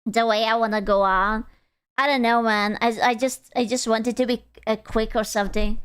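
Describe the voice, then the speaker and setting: A woman's voice: fairly high pitch, fairly even intonation, moderate pace, a bit bright, clean tone. A young adult woman streamer in casual livestream chat, playful, crude and giggly.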